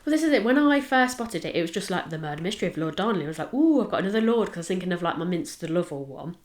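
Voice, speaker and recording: A woman's voice: fairly low pitch, expressive, very fast. A woman co-hosting a podcast, telling a history case in rambling casual chat. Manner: chatty, rambling, with fillers and self-checks. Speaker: podcast co-host presenting the case.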